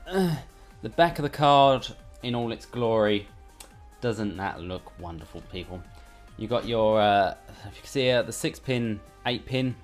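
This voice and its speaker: A man's voice: on the low side, lively intonation, measured pace, soft background music. A man chatting casually and irreverently while unboxing gear in a bedroom at home. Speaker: hardware reviewer. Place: bedroom at home under a studio light.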